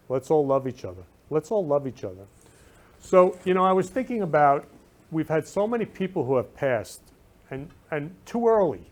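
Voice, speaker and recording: Effusive man with a lively, up-and-down voice. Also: fairly high pitch. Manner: effusive, repeats loving phrases with emphatic stress. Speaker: show host. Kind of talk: casual talk show monologue. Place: his room at home.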